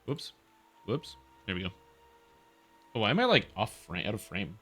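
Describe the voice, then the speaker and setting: Streaming a game, a man with a fairly low, sing-song voice chats casually with viewers at normal speed, sounding a bit bright over soft background music. He rambles, chuckles often, and talks to his cat during this live-stream chat.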